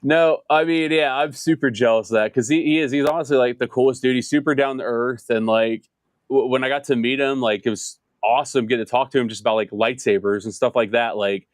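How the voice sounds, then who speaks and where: A man hosting a casual podcast chat, rambling through his thoughts with lots of fillers and false starts. His voice sits in a middle pitch. The sound is dry and close to the mic. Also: fairly even intonation, brisk, dry recording. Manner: rambling, many fillers and restarts. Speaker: podcast host.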